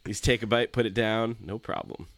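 A man co-hosting a casual podcast, a little stuffy from a cold, relaxed and chatty. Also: on the low side, brisk, no room sound. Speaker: podcast co-host.

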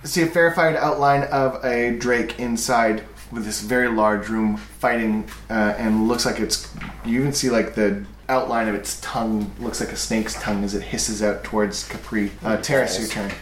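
A man's voice: on the low side, fairly even intonation, moderate pace. A man narrating a tabletop game as dungeon master, describing the scene casually and joking around. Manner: casual, laughing, jokey describer. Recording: echoey room, faint noise.

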